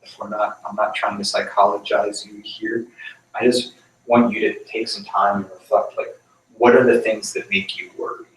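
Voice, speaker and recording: A man's voice: on the low side, flat delivery, normal speed. A man leading a small church group in an informal sermon, talking loosely with many ums as he tells a story. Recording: echoey room, mic far off.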